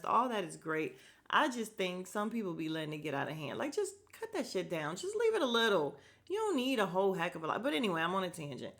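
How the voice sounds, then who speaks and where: A woman hosting a podcast, recapping a reality show in a blunt, animated, casual way with laughing asides. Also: lowish voice. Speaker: podcast host.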